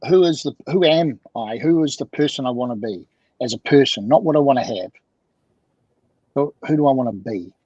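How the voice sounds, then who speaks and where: A man speaking as a guest mentor in an interview, animated and fond of repeated rhetorical questions, heard through dull lo-fi audio. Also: medium pitch, dry recording. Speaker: guest, emotional communication mentor. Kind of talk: video-call interview talk.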